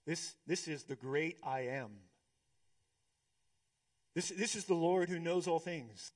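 A male pastor preaching a sermon, swinging between hushed, slow stretches and emphatic, rising ones. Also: on the high side.

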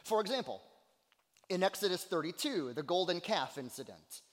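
Loud preacher swinging to hushed tones. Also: male voice, sits high, very animated, moderate pace. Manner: swings between loud earnest cries and hushed near-whispers; repeats phrases for emphasis. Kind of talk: sermon. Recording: long hall reverb.

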